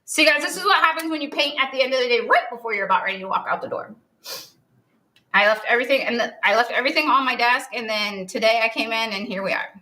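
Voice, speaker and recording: A woman's voice: on the high side, fast talker, pushed and bright. A woman with a Southern American twang, chatting and teasing casually while she paints as co-host of a craft show. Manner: chatty, teasing, laughs often.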